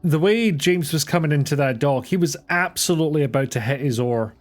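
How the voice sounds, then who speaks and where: A man's voice: a little high, brisk. Joking man streaming a game. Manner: jokey, swears casually. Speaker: streamer host. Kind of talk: casual chat while gaming. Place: home streaming setup.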